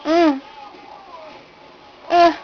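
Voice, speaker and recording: A young woman with a high voice talks into her own camera in a casual vlog. She sounds nervous and giggly, stalling and stammering, a little shaky. A faint hiss sits under her voice. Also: steady tone, drawn-out words, dull audio. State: shaky from not eating. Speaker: vlogger. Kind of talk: casual self-recorded vlog.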